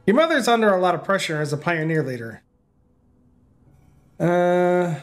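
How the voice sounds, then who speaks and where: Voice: mid-range voice, lively intonation, moderate pace, soft background music. A gaming YouTuber reading every character's lines aloud in a nearly plain voice. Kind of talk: reading game dialogue aloud.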